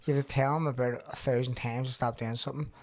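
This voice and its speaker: A man in his thirties hosts a relaxed podcast chat. He swears without a second thought and breaks into laughter often. He tells his stories in quick, excited bursts at an ordinary, middling pitch. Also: dry recording. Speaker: podcast host. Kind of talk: casual chat.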